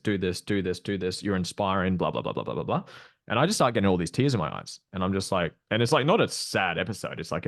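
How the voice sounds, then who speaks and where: A young Australian man speaking with a very low voice in a relaxed podcast chat, candid and loose, throwing in swear words and fillers. The sound is dry and close, with no room to speak of. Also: dry recording. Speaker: podcast guest, mindset coach. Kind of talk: casual podcast conversation.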